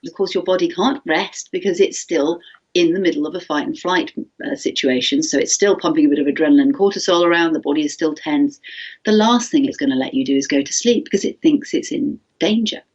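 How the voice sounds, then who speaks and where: Woman, teacher trainer, husky voice, animated workshop talk, dull lo-fi call audio. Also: sits low, a little fast. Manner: lively, animated, acts out anxious inner voices, frequent "okay?".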